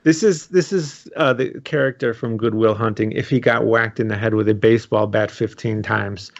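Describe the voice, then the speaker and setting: A man with a gravelly, fry-laden voice rants heatedly and profanely in a casual podcast chat. His sound is slightly dull and lo-fi. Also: lowish voice, moderate pace.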